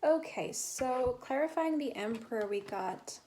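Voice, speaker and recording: A woman's voice: mid-range voice, steady tone, moderate pace, a little mellow. Woman doing a tarot reading, rambly chatty talk, bit of faint hiss n clicks. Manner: chatty, rambling, many fillers and restarts. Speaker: tarot reader. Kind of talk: casual tarot reading to camera.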